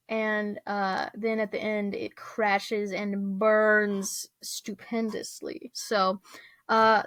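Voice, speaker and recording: A woman's voice: fairly high pitch, dry recording. A young woman rambling through a casual rant, full of fillers, restarts and small laughs. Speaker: vlogger.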